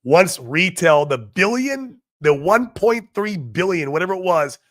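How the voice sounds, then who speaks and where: A man hosting a casual livestream, talking brashly and excitedly, swearing and answering viewers in the chat. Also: high-pitched, a little slow, no echo, studio quality. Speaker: livestream host.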